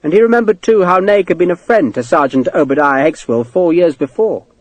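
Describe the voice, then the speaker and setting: A man reading a novel aloud as narrator, with an expressive delivery. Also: fairly high pitch, brisk, no room sound. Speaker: audiobook narrator. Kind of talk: scripted narration.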